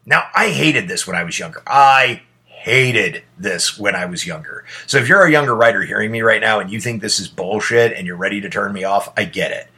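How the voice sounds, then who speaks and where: A man's voice: fairly low pitch, animated, fast talker, creaky, hardly any pauses, bright, forceful tone, husky. A man in his forties hosting a podcast, talking in a blunt, profane, conversational way. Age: 40s. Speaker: podcast host. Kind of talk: casual monologue.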